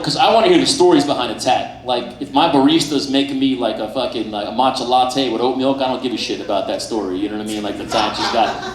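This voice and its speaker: A man's voice: medium pitch, far from the mic. Male stand-up comic, profane ranting delivery, mid-range voice, roomy live club audio. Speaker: stand-up comedian. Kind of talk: stand-up comedy set. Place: comedy club stage before a laughing audience.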